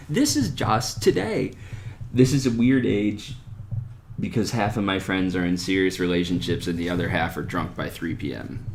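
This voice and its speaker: A man hosting an opinion podcast, talking in an animated, sarcastic way with sharp jumps in pitch on his rhetorical questions. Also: moderate pace, vocal fry, a little hiss or hum. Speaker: podcast host. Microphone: desktop USB microphone.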